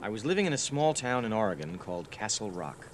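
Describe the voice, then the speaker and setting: A wistful narrator looking back on boyhood. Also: male voice, fairly low pitch, very animated, fast talker, over music. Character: grown man recalling his boyhood summer, reflective. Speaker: film narrator. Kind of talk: scripted film narration. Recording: narration over film score.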